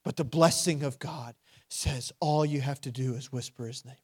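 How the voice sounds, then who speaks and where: A male preacher delivering a sermon, asking his listeners direct questions and swinging between hushed and loud, emphatic delivery. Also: medium pitch, normal speed, husky. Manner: asks the audience direct questions.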